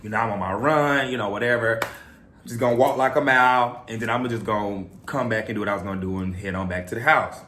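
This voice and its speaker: A man's voice: on the low side, fast talker, sharp tone, reverberant. A talkative young man telling a story in a casual, chatty vlog style, loose with filler words. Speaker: vlogger.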